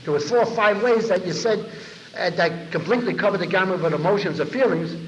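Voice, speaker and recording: Speaking quickly to a large audience in a convention hall, a recovery meeting speaker from New York tells his story with gusto, playing out others' dialogue. His pitch is a bit high for a man, and the 1990 tape is muffled, with long reverb and some slight background noise.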